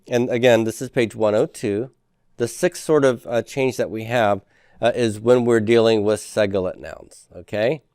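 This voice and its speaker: A man's voice: medium pitch, steady tone, normal speed, a little mellow, clean tone, dry recording, studio quality. A man giving a classroom lecture, asking his students questions and answering them himself. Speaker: professor.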